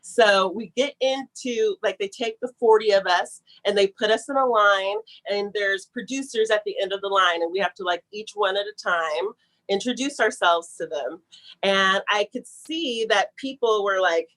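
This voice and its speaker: A woman telling a long personal story in a casual, animated way, talking fast and acting out the people she quotes. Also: mid-range voice, rough recording. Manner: talks fast to get through a long story.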